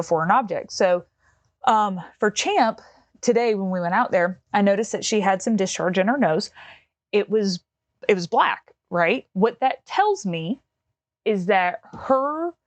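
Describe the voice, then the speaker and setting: A woman's voice: fairly low pitch, no echo. A middle-aged woman, hosting a podcast and explaining a hands-on task in a rambling, casual way with many fillers. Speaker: podcast host. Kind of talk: casual instructional talk. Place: home.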